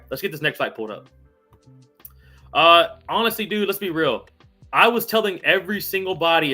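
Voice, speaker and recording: Hyped, profane man hosting a live stream. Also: on the high side. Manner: hyped, profane, shouting out chat viewers. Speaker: host of a live MMA recap stream. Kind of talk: casual live-stream sports talk, reading chat.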